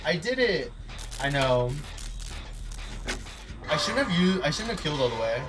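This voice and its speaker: A man's voice: on the high side, unhurried. A man streaming a game, chatting playfully and greeting his viewers as he plays. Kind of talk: casual gaming livestream chat. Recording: steady background noise.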